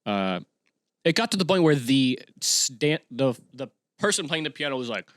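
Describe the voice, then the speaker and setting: A young man tells a story on his own podcast in a loose, rambling way. He gets excitable and sometimes breaks into yelling, and his voice bounces all over the place. The sound is dry and close, with no room echo. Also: medium pitch, moderate pace. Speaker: podcast host. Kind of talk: casual solo podcast monologue.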